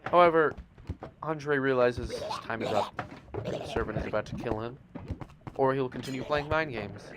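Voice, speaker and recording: A man narrates gameplay as if it were an epic, with teasing asides and a knowing tone. His voice sits at an ordinary pitch. A clear hiss and some clicks run under the home recording. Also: moderate pace. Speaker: narrator of a game series. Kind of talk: playful dramatic narration over gameplay. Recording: noisy home mic with clicks.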